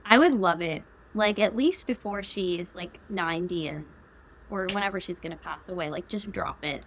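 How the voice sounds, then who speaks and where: A woman's voice: on the low side, moderate pace, a little hiss or hum. A young woman co-hosting a podcast in casual, giggly chat, full of slang. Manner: chatty, giggly, uses slang. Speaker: podcast co-host.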